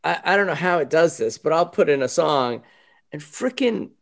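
Gravelly man, halting and chuckly. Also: on the high side, expressive, a bit bright. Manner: chuckling, quick interjections, halting restarts. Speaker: podcast co-host. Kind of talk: casual chat.

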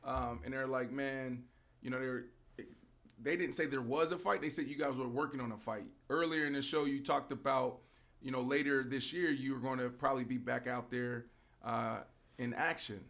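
A man's voice: medium pitch, normal speed, a bit bright. A man co-hosting a podcast, asking questions in a casual, slangy way. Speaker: podcast co-host.

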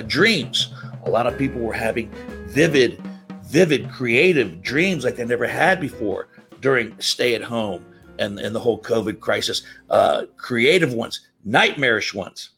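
A middle-aged man hosting a podcast, telling stories in an animated way, laughing and jumping up in pitch when excited. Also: gravelly. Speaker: podcast host. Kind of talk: casual storytelling monologue.

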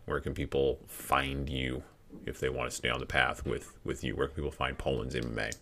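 A man hosting a podcast, wrapping up an interview in a relaxed way with frequent fillers. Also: extremely low pitch, moderate pace. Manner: relaxed, loose closing wrap-up with fillers. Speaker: podcast host.

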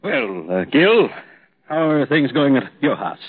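A kindly, hesitant office boss. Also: male voice, medium pitch, big pitch swings, measured pace, breathy edge. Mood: concerned. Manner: hesitant, sympathetic. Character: kindly middle-aged male office boss. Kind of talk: 1950s radio drama acting. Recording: tinny old radio broadcast.

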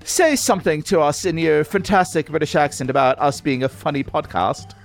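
A woman's voice: low voice, moderate pace, gravelly, faint music behind. A woman co-hosting a scripted kids' podcast, playing a goofy punster who clowns around. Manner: goofy punster, playful and bouncy. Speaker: co-host.

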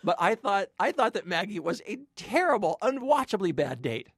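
A man's voice: sits high, sing-song, moderate pace, a bit bright, no echo, clean studio sound. A man co-hosting a film review chat, emphatic and sardonic as he tears into a movie. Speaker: co-host.

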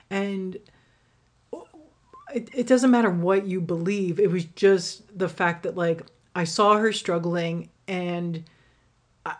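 A young woman hosting a podcast, telling a personal story in a candid, rambling way, swearing freely and filling pauses with "like" and "um". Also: medium pitch, a little mellow. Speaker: podcast host and rideshare driver.

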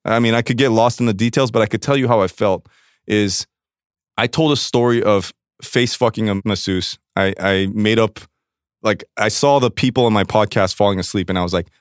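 A man with a low voice tells a long, candid story about himself, rambling and profane and often restarting his sentences. He acts out his own past words as he goes. The sound is dry and close to the mic. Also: steady tone, a little fast, clear, resonant tone, no room sound. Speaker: guest.

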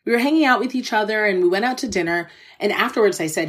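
A woman's voice: medium pitch, fast, a bit bright. Earnest woman telling a personal story. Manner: earnest and candid, openly emotional; faith-filled, conversational, addresses listeners directly. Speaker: podcast host.

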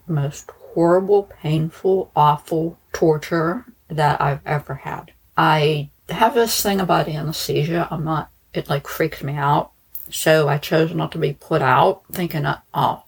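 A woman's voice: deep voice, a little hiss or hum, rough recording. A woman podcast host telling a personal story in casual, blunt, profane talk that wanders as she goes.

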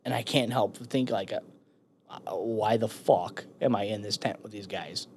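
A man, a military veteran guest, telling a war story in casual, profane, animated speech with laughs between phrases. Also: fairly low pitch, moderate pace, a little hiss or hum.

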